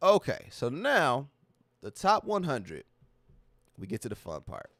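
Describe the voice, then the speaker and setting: A man's voice: medium pitch, huge pitch swings, measured pace, a bit bright, dry recording, clean studio sound. A man hosting a livestream, talking casually to his chat in a candid, emotional, slang-heavy way that repeats itself. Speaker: livestream host.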